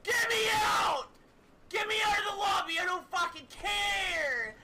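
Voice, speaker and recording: A man's voice: very high-pitched, measured pace, creaky, raised voice, recorded from a distance, noisy background. A man streaming a game, screaming and swearing in rage in an old clip. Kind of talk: raging gameplay clip.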